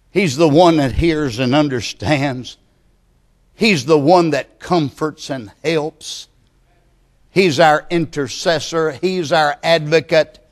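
A man preaching a sermon, speaking slowly and emphatically and building to loud passion. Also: medium pitch.

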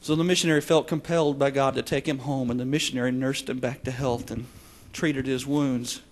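A man preaching a sermon, swinging between shouted passages and hushed, quiet ones. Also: medium pitch, steady tone, brisk. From Texas.

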